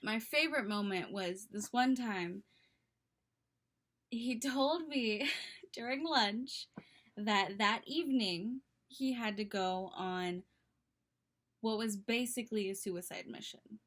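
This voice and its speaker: A young woman telling a story in a casual vlog, animated and dramatic, speaking into a webcam mic. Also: medium pitch, slow, pauses often. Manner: animated, dramatic, breaks into laughter.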